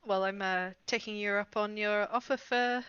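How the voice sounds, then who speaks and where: A woman's voice: mid-range voice, steady tone, normal speed, fairly bright tone, smooth, no room sound, dull audio, natural voice. A woman voicing a cheeky female adventurer, breezy and casual.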